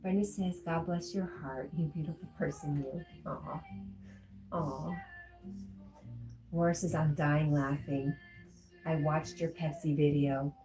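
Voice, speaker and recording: A woman's voice: low voice, fairly even intonation, slow, long pauses, over music. A woman hosting a casual livestream, reading viewers' comments aloud and answering them. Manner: warm, reads chat comments aloud, gets emotional. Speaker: livestream host reading chat.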